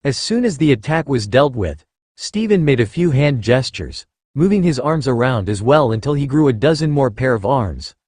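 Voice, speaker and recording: A man narrating a fan fiction story in a steady reading voice. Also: medium pitch, normal speed, dry recording, clean studio sound.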